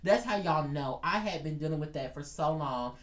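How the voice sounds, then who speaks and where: A man telling a dramatic storytime vlog in an animated way, talking straight to his viewers. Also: on the high side, normal speed, roomy sound. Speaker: vlogger.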